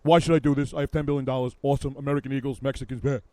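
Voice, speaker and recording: A blustering, self-satisfied tycoon barks out short, chopped-up boasts, as a man mocks him. The voice sits somewhat lower than the radio host's own and lands hard on each word. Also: fairly even intonation, racing, warm tone, dry recording, natural voice. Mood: boastful. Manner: clipped, bragging fragments. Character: boastful blustering rich male politician.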